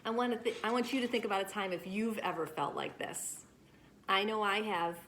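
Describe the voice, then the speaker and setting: A woman teaching children after reading a picture book, gentle and encouraging as she talks straight to them about handling disappointment. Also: medium pitch, brisk, a little hiss or hum.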